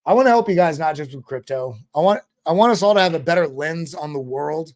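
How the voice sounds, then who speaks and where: Man, high voice, crypto show host, rambling motivational talk, repeats himself. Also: animated, fast. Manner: rambling, repeats words and restarts.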